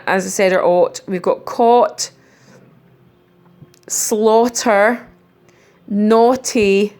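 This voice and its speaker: A middle-aged woman teaching a recorded spelling lesson, deliberate, spelling out letters one by one with frequent ums. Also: medium pitch. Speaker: primary school teacher.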